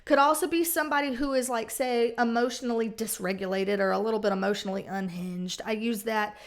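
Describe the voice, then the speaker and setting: High-voiced blunt tarot-reading woman. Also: steady tone, a little fast. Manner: blunt, profane, chatty. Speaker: tarot reader.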